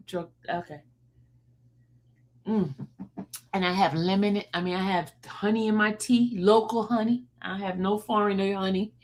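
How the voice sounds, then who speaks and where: A woman hosting a live stream in casual chat, joking, laughing often and talking to viewers in the chat by name. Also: mid-range voice. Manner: drawn-out yawns and sighs. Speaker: livestream host.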